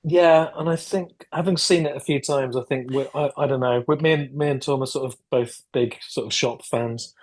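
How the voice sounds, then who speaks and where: A man talking as a guest on a podcast over a video call, thoughtful and hesitant, often restarting and clearing his throat. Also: mid-range voice, fairly even intonation, moderate pace, hardly any pauses, a little mellow. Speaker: guest filmmaker and actor. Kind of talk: casual interview chat.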